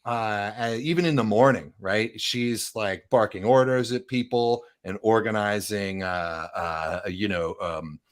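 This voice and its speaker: A man's voice: on the low side, measured pace, hardly any pauses. A man narrating as game master, rambling with many fillers and asides. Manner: rambling, lots of fillers and "right?".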